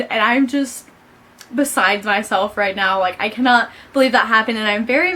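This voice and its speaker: A woman's voice: on the high side, fairly bright tone. Gushing young woman book vlogger. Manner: gushing, says "like" often. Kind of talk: casual book review chat.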